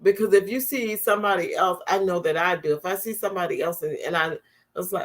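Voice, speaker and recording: A woman's voice: medium pitch, a little fast. Earnest woman host giving heart-health advice. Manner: earnest, repeats her points as direct advice. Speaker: talk show host. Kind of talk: motivational talk to viewers.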